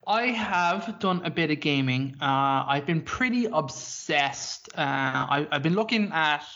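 A man's voice: on the high side, expressive, a little slow, sharp tone. A man co-hosting a gaming podcast, rambling along in loose, unscripted chat. He swears freely as he talks. His audio is dull and lo-fi. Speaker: podcast co-host. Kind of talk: casual chat.

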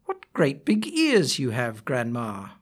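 A man voicing a bold, sweet little girl in a storybook reading, high and sing-song. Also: wildly swooping pitch, slow, exaggerated voice. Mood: innocent.

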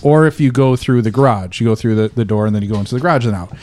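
Young man, mid-pitched voice, rambling, halting delivery, casual podcast chat. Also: a little mellow. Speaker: podcast co-host.

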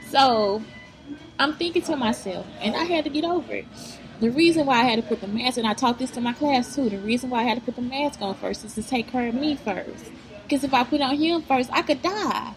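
A woman's voice: on the high side, fairly quick, soft background music, low-quality recording. A woman giving blunt, profane motivational advice straight to her viewers, in a preachy vlog style. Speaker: vlogger giving life advice.

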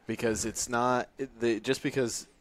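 A man's voice: mid-range voice, level tone, normal speed. A man who reports the weather for the show, firmly correcting someone's numbers in casual studio talk. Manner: firm, correcting, emphatic.

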